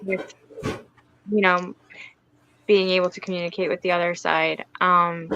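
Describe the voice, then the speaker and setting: Bright-voiced woman, soft and hesitant. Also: fairly low pitch, little pitch movement, measured pace, smooth, dull audio, faint music behind. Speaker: guest author. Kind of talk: casual livestream interview. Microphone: video call.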